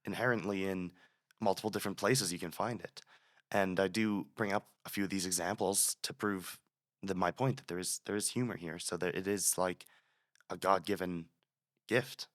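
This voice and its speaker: A man's voice: low-pitched, fairly even intonation, normal speed. A man in his twenties, a student guest on a casual podcast, retelling stories with animation and frequent restarts.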